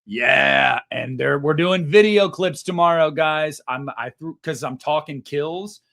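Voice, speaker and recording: A man's voice: on the high side, unhurried, creaky, a bit bright. A young man hosting a casual live stream, reading super chats in a rambling, self-mocking way and swearing freely.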